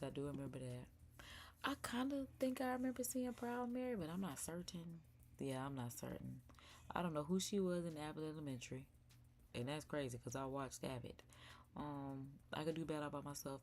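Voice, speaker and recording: A young woman hosting a casual live stream from home, chatting to viewers as y'all and sometimes dropping to a soft whisper. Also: low voice, fairly even intonation, a little fast, slight background noise. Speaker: live-stream react host. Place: indoors at home.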